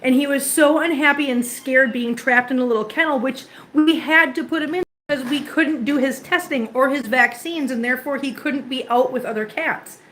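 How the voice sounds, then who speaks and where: A woman's voice: high-pitched, moderate pace, hardly any pauses, a bit bright. A woman vlogger who runs a cat rescue, telling a story to her viewers in casual, emotional, chatty talk from an indoor cat room. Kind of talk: casual live-stream chat to viewers. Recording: echoey room with faint ambient noise.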